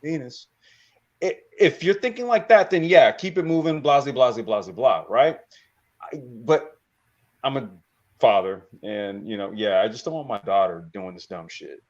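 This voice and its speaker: A man who is a guest on a casual panel chat, talking in an animated, profane way and repeating himself. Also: medium pitch, moderate pace. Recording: lo-fi remote audio.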